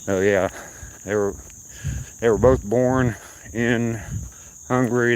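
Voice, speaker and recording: Out on a nighttime walk, an older man with a lowish voice and a slight Southern accent rambles across topics while chatting casually with viewers on his live stream. There's a little hiss or hum on the rough audio.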